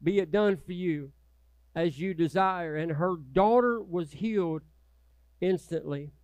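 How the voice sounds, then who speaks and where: A male pastor preaching a passionate sermon, moving from loud, urgent appeals to hushed, quiet prayer. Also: sits high, unhurried, no echo.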